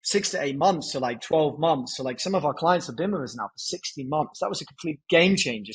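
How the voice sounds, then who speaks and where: Male guest, fairly high husky voice, energetic and casual, filler-heavy. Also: low-quality recording. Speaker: podcast guest, company founder. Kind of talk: casual interview talk.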